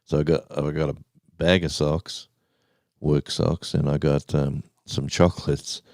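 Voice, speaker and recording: Deep dark aussie guy rambling thru a story on his live stream, calls everyone mate, dry close sound. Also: little pitch movement, unhurried, no room sound. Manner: rambling storyteller, reads chat names aloud, says mate.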